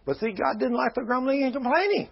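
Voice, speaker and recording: A man's voice: extremely high pitch, lively intonation, fast, vocal fry, husky. A man preaching a sermon in a folksy, conversational way, retelling Bible scenes. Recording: muffled lo-fi radio broadcast.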